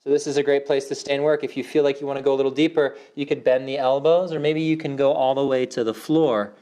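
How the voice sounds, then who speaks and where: A man teaching a yoga class, giving slow, soothing cues with audible sighs and sometimes dropping to a soft whisper. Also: mid-range voice, fairly even intonation. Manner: drops to a soft whisper for affirmations. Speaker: yoga instructor. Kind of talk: guided yoga class instruction.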